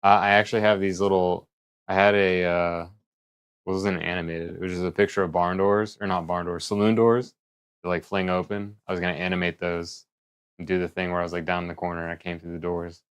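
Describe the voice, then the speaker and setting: A man's voice: sits low, flat delivery, brisk, smooth. A man streaming live who rambles casually and thinks aloud as he talks. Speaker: livestreamer.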